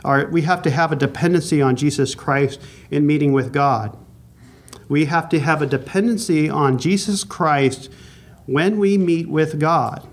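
A man teaching a Bible class from an outline, earnest and emphatic, slowing down to stress key points. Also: fairly high pitch. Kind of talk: sermon-style Bible teaching.

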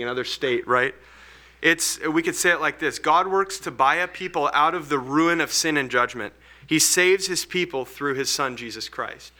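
A man's voice: on the high side, sharp tone. A man leading a group Bible study, earnest and explanatory, thinking aloud as he teaches.

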